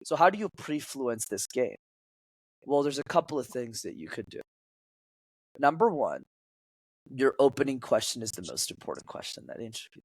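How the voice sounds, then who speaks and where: A man's voice: mid-range voice, a little fast, breathy edge, no room sound. A man who coaches public speaking, talking as a podcast guest and acting out quoted lines in changing voices. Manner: animated, acts out quotes in shifting voices.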